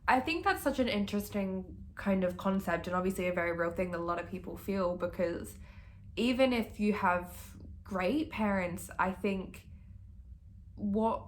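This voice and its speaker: A woman's voice: mid-range voice, normal speed, a little hiss or hum. Gushing young woman vlogger. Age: young adult. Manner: gushing, chatty, swears freely. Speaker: book vlogger. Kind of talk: casual reading vlog chat.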